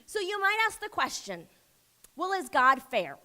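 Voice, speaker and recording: A woman pastor delivering an emphatic sermon, rising to loud declarations and dropping to soft, near-whispered prayer. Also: sits high, very animated, measured pace.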